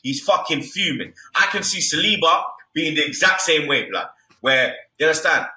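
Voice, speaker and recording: Young man, football podcast co-host. Loud, profane street-slang rants in a bright, animated voice, recorded in a roomy space. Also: on the high side, normal speed. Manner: loud, swearing, repeats street slang tags. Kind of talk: heated casual football banter. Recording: echoey room.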